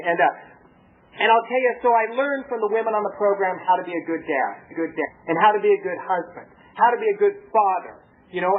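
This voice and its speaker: Man speaker at a recovery meeting, animated testimony, acts out quoted voices, fairly high voice, tinny lo-fi tape. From Southern California. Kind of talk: personal testimony. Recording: tinny lo-fi tape with faint hiss.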